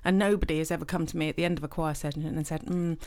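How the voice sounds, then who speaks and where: A middle-aged woman, chatting casually as a podcast co-host, self-deprecating and quick to laugh. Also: sits low, fairly even intonation, darkish tone. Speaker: podcast co-host, choir leader. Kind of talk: casual chat.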